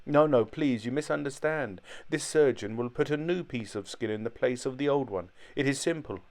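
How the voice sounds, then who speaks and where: A man voicing an eager, scheming art dealer who talks in a quick, insistent way. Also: mid-range voice, a little mellow, voice pushed up, natural voice.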